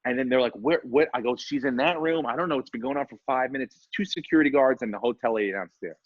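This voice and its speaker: A man co-hosting a podcast, telling a story in casual chat, animated and swearing, acting out the voices of the people in it. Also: medium pitch, fast, dry recording. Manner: animated, swearing, acts out voices in his stories. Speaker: podcast co-host. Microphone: remote call mic. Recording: dull lo-fi internet call audio.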